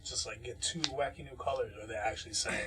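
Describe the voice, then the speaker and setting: Male co-host, mid-pitched, puzzled questioning manner in casual chat. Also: steady tone, fast talker, background noise. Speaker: podcast co-host.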